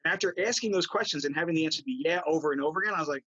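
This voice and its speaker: Brief: husky male tarot reader, lively anecdotal chat, dull lo-fi sound. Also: a little high, rapid-fire, no echo. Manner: animated, acts out quotes, says "right?" often. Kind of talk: casual storytelling chat.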